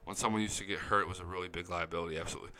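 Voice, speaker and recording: A young man hosting a casual live-stream fan chat, excitable and profane, reading viewer comments aloud. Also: low-pitched, racing. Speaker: fan show host.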